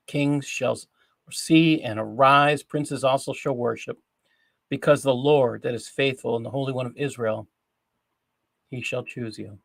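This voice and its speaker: A man hosting a Christian news show, reading scripture and commenting in an earnest, deliberate way over a call mic. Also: mid-range voice, creaky, dry recording.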